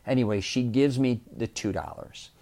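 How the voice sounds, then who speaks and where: A man from Chicago with a Chicago accent, hosting a podcast and telling a personal story in a casual, animated way, repeating words for emphasis. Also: medium pitch, moderate pace. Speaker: podcast host.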